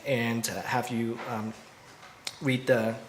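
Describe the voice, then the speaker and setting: A man's voice: mid-range voice, level tone, drawn-out words, a little hiss or hum. Hesitant man emceeing a ceremony. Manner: hesitant, many ums. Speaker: housing developer representative. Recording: echoey outdoor event with faint crowd.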